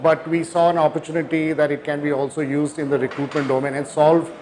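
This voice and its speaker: Earnest male founder with an Indian English accent, halting delivery. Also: on the high side, flat delivery, darkish tone, a little hiss or hum. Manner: hesitant, many fillers, earnest. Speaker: company founder, guest. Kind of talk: conference interview. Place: conference hall.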